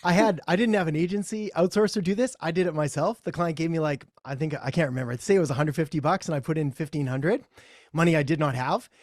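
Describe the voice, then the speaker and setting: A man's voice: fairly high pitch, quick pace, no room sound. Thoughtful man with a dry close mic. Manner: thoughtful, hesitant, with restarts. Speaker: workshop host. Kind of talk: casual webinar discussion.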